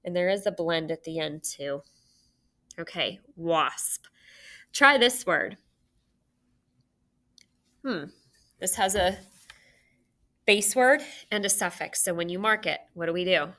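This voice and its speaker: A woman's voice: lowish voice, animated, takes it slowly, long pauses, fairly bright tone. A young woman teaching a recorded phonics lesson for children, patient and encouraging, sounding out words and letters.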